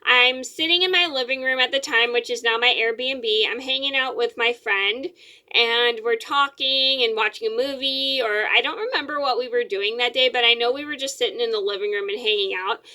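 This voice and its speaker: A woman's voice: on the high side, normal speed, pushed and bright. A young adult woman vlogger telling a personal story in a casual, rambling way, with lots of fillers and repeated words.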